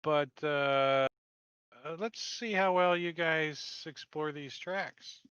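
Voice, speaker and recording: A male game master narrating a tabletop game in a bright, forward voice. He explains patiently and restarts his sentences often. The sound is dry and a little muffled. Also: fairly high pitch, slow pace, smooth, no echo.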